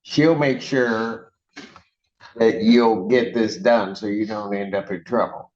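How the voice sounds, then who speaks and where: A male judge speaking in a somewhat low voice, blunt and teasing in a casual, conversational way. The courtroom audio is dull and lo-fi. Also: steady tone, slow pace, darkish tone. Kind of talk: courtroom hearing.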